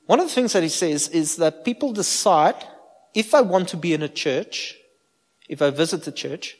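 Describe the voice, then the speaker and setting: A man's voice: on the high side, expressive, normal speed. A man, a pastor giving an informal sermon and asking his listeners direct questions. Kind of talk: conversational sermon. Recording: long hall reverb.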